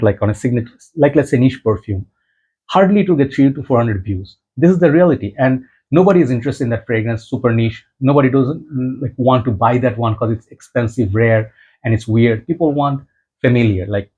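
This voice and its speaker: A man's voice: mid-range voice, slightly rough. A man, giving a rambling, reflective casual vlog monologue as a fragrance YouTuber. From Bangladesh. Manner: rambling, reflective, animated when telling a story. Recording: dull lo-fi recording.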